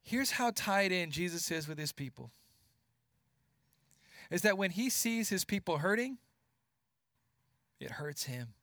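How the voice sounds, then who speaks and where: Male preacher, high voice, earnest, repeats words, sinks low for stress; dry close sound. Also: fairly bright tone, no room sound. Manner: earnest, repeats words while building points, drops voice for emphasis. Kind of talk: sermon.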